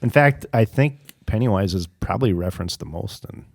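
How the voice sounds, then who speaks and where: A man's voice: lowish voice, lively intonation, brisk, gravelly, a crowd in the background. A man co-hosting a podcast in casual chat, often trailing off into details. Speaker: podcast co-host.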